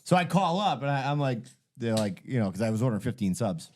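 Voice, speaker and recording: A man's voice: medium pitch, sing-song, fast, a little hiss or hum. Guy rambling through a swear-heavy story on a podcast. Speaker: podcast host. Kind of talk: casual storytelling chat.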